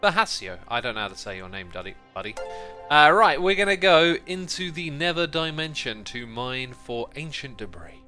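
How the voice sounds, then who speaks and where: Streamer host, man, bright and bouncy delivery, chatty and easily distracted, faint music underneath. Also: on the high side, big pitch swings, normal speed. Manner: chatty, playful, easily sidetracked. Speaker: livestream host. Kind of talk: casual gameplay livestream commentary.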